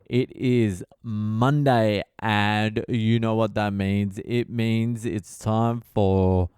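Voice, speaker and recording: Australian male comedian, middle-aged, sweary wry rant, smooth clear voice, dry close sound. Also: on the low side, fairly even intonation, extremely slow, a little mellow, dry recording. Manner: profane, ranting, wry. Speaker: comedian and podcast host. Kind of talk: casual podcast monologue.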